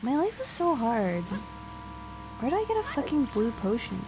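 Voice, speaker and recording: Over game music and some background noise, a young woman with a high, sing-song voice streams a video game at normal speed. Her casual gameplay chat is rambling and giggly, peppered with offhand swearing.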